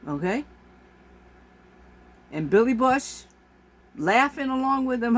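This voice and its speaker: A woman's voice: fairly high pitch, expressive, slow pace, long pauses. Exasperated woman ranting to camera. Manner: exasperated, repetitive, emphatic. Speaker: vlogger.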